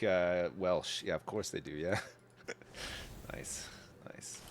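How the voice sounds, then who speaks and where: Chatting loosely with his live-stream viewers while gaming at home, a man in his thirties drifts between thoughts, answers chat and swears casually. His voice sits low and a bit bright, with a little hiss or hum in the audio.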